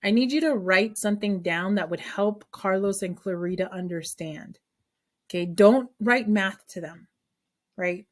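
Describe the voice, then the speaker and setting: A woman's voice: medium pitch, a little slow. Chatty woman teaching a math class. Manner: lively, chatty teacher who talks to the class and checks in often. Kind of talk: classroom lesson.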